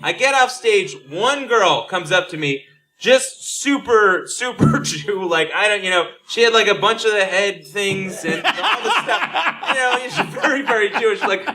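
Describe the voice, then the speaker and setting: A man's voice: high voice, expressive, a little slow, sharp tone. A man telling a rambling stand-up gig story on a comedy podcast, laughing often as he talks. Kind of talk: casual storytelling chat.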